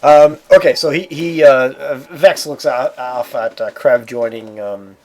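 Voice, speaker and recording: A man acting as game master runs a tabletop game, speaking in halting bursts packed with fillers and restarts. His voice is medium-pitched with a darkish tone.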